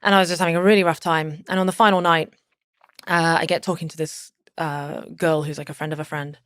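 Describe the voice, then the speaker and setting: A woman in her thirties speaks with a fairly low voice as she tells a personal story on a podcast. She rambles casually, trails off, restarts her sentences and fills pauses often. The sound is close and dry, with no room around it. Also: flat delivery, clean tone, no room sound. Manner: rambling, with many fillers and restarts. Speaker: podcast guest.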